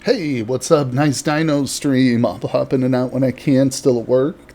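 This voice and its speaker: A man's voice: medium pitch, steady tone, a little slow, hardly any pauses, warm tone. A man doing live gameplay commentary and chatting with viewers in a jokey, rambling way, from a home streaming setup with the microphone very close to his mouth. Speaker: livestreamer.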